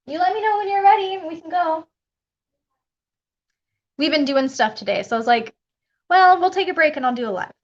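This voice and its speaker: A woman's voice: very high-pitched, lively intonation, fairly quick, long pauses. A woman spiritual coach chatting casually on a live stream, rambling through her thoughts and laughing often. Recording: dull lo-fi live stream audio.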